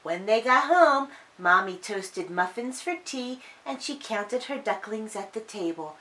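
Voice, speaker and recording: A woman reading a children's story aloud in a sing-song, expressive way. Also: medium pitch, measured pace, a little hiss or hum.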